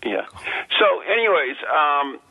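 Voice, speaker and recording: A man's voice: fairly high pitch, big pitch swings, slow. A man with a New England accent hosting a radio show, chatting loosely with many fillers. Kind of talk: casual radio chat. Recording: dull lo-fi radio broadcast.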